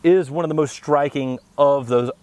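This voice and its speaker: A man co-hosting a plant show, explaining tree varieties in a steady, knowledgeable way. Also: a little high, moderate pace. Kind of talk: informative product talk.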